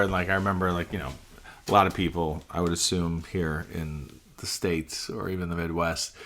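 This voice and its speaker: Very deep-voiced man chatting casually. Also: fairly bright tone. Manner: rambling, heavy on "like" and "you know". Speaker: podcast co-host. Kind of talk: casual chat.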